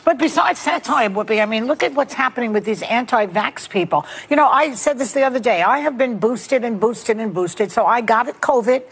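A woman's voice: fairly high pitch, lively intonation, brisk, creaky, few pauses, husky. Emphatic woman on a TV panel. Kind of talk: TV panel discussion.

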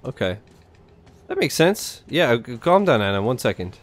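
A man's voice: mid-range voice, big pitch swings, normal speed, a little hiss or hum. Male streamer, mid-range voice, sarcastic profane play-by-play. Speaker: gaming streamer. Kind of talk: casual gameplay commentary.

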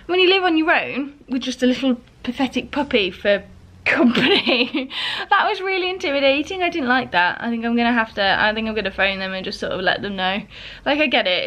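A young woman talks to camera at home in a chatty, exasperated vlog style. Her voice sits a little high, and she rants freely with sighs and small laughs between her points. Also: a bit bright. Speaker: vlogger. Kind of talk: casual vlog chat to camera. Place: home flat, indoors.

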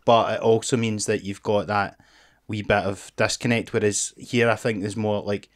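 A man's voice: fairly low pitch, flat delivery, moderate pace. A man with a Scottish accent hosting a podcast, easygoing and reflective, with casual swearing. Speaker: podcast host. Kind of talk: casual chat.

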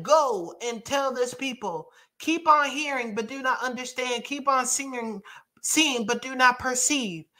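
A man's voice: very high-pitched, sharp tone. A man preaching a sermon, reading scripture aloud emphatically and breaking into casual asides to his congregation.

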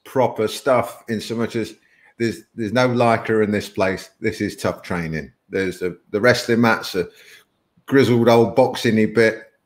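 A man's voice: on the low side, unhurried. A man hosting a live webinar, chatting and telling stories with frequent laughs. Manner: chatty, laughs often, rambling storytelling. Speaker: webinar host. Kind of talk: casual live webinar chat.

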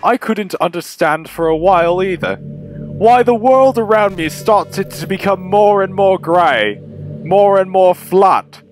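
A man voicing an obsessive, lovesick teenage girl from a visual novel, reading her lines in a slow, hushed way. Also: high-pitched, faint music behind. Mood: yearning. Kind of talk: reading game dialogue aloud.

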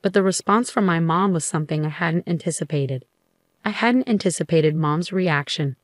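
Brief: female storyteller, lowish voice, dry close sound, steady first-person reading. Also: moderate pace, no room sound. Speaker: narrator.

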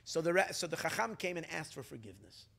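A man, a rabbi, telling a story to a gathering in an animated way, restarting often and mixing in Hebrew and Yiddish terms. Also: a little high, fast, creaky.

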